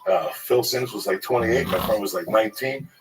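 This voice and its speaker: A man's voice: fairly low pitch, fairly quick. A man telling rambling, profane street stories in a casual group conversation. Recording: distant mic with clear background noise.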